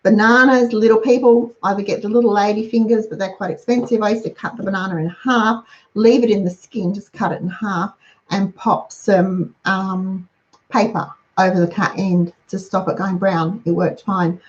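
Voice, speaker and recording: A woman's voice: mid-range voice, fairly even intonation, normal speed, highs cut off. A middle-aged woman chatting casually as a host, running through practical lists of lunchbox ideas. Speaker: host giving lunchbox tips. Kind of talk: casual how-to talk.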